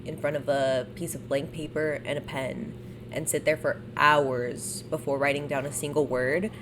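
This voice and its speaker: Low-voiced easygoing woman in her twenties. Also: steady tone, normal speed, noisy background. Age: 20s. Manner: easygoing, giggly, loose phrasing. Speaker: podcast co-host. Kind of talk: casual chat.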